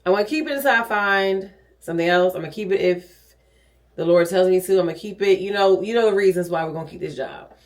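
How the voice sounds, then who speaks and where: A woman's voice: fairly low pitch, fast talker. A middle-aged woman vlogging in a casual, chatty and dramatic way. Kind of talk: casual chat.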